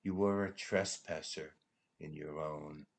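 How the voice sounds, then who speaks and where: Man, deep low voice, unhurried, dramatic poetry recitation, hushed trailing line endings. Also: fairly even intonation. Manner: hushed, trailing into near-whispers at line ends. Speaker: poetry reader at a benefit concert. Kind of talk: slow dramatic recitation of a prose poem.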